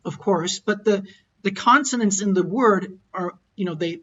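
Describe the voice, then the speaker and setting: A man leads an online pronunciation lesson with a sharp, bright voice. He explains a point, then models example phrases slowly and repeats them. The webinar audio is slightly muffled and lo-fi. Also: high voice, slight background noise. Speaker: language teacher.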